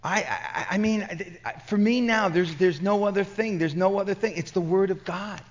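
A man's voice: sits high, moderate pace. A man with a New York accent preaching at a conference, telling stories with passion and frequent stammering restarts. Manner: impassioned, stammering restarts, storytelling. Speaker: pastor. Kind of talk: conference sermon. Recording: dull lo-fi recording.

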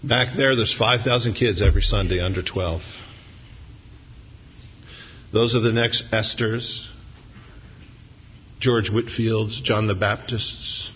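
A man's voice: lowish voice, fairly even intonation, a little slow, a little hiss or hum. A man preaching a sermon as pastor, telling family stories with humor before turning earnest and reflective. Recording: dull lo-fi recording in a reverberant hall.

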